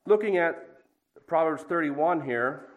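A man's voice: fairly high pitch, expressive, slow, poor audio. Man reading scripture plainly, middle-aged. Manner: plain, conversational, with fillers and a dry aside. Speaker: preacher. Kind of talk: reading scripture and giving a short devotional talk.

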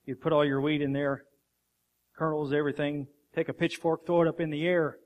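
A man's voice: fairly high pitch, little pitch movement, brisk, phone-quality sound. A man preaching a sermon with emphatic rhetorical questions.

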